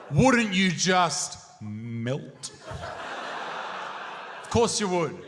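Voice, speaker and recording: A man's voice: fairly high pitch, big pitch swings, extremely slow, pauses often, a bit bright. A man with an Australian accent performing a stand-up comedy set on stage in front of a large crowd, with a brash, crude and punchy delivery. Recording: live show in a reverberant hall.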